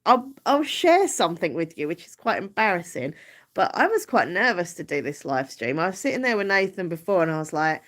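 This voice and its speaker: A woman with an Essex accent chats through her live stream, giggly and self-deprecating. Her voice sits a little on the low side. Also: very animated, fairly quick, fairly bright tone. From Southend-on-Sea, Essex, England. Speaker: YouTuber hosting a live stream. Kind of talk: casual live-stream chat.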